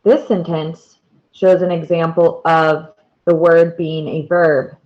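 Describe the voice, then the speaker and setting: Slow, patient woman teacher. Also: sits low, level tone, muffled recording. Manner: patient, repeats key words and points to examples. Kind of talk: slow, deliberate classroom explanation.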